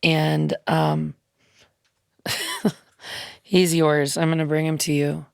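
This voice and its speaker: A woman with a low, gravelly voice tells a heartfelt story, chatty and loose, full of ums and little quoted asides. She is a guest in a radio studio, and her voice sounds dry and close to the mic. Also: level tone, slow pace, no echo. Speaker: musician guest. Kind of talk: casual interview storytelling.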